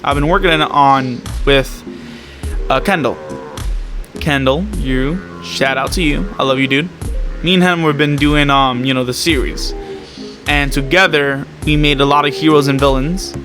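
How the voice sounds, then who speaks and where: An animation creator and vlogger chats casually about his animation work, speaking in a mid-range, steady voice at normal speed with music underneath. His vlog-style talk wanders, packed with fillers and false starts.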